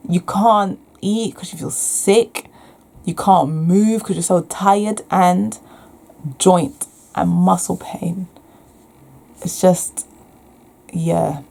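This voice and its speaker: A young woman speaks frankly to the camera about her own experience in a reflective vlog, often restarting and letting out soft sighs. Her voice is lowish and creaky, with fairly even intonation, and she talks extremely slowly with long pauses.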